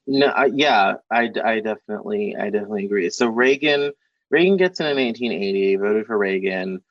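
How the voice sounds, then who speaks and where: A man hosting a podcast, reasoning through history in a measured way and prompting his guest. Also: lowish voice, animated, no room sound. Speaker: podcast host. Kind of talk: casual political conversation. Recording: dull dry sound.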